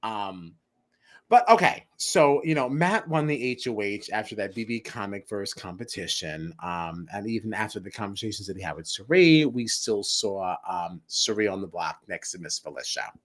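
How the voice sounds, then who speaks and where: A man's voice: lowish voice, expressive, moderate pace, few pauses. A man co-hosting a reality TV podcast in casual chat. He rambles through lots of fillers and likes to tease his co-hosts. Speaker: podcast co-host.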